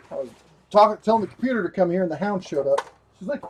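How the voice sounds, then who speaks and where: A man's voice: sits high, big pitch swings, quick pace, slight background noise. A man hosting a livestream while rebuilding a computer, chatting casually, talking to his parts and his dog. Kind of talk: casual live tech narration.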